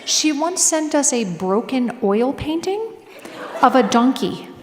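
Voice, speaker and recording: A woman with a Minnesota accent telling comic stories to an audience in a lively, animated way, often laughing through her lines. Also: high voice, slow. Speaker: author speaking at a library event. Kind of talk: humorous live storytelling talk. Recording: reverberant hall with clear background noise.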